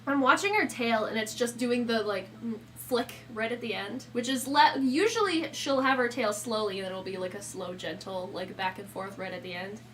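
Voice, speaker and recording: A woman's voice: on the high side, moderate pace, hardly any pauses, slight background noise. A young woman streamer in casual live chat who swears a lot, laughs often and scolds her cat between remarks. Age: young adult.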